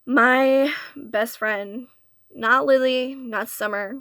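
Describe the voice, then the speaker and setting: A young woman recounts a hard personal story in a storytime vlog, earnest and confessional. Her voice is bright and a little high, recorded close in a dead, dry space. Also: fairly even intonation, drawn-out words, dry recording. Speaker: vlogger.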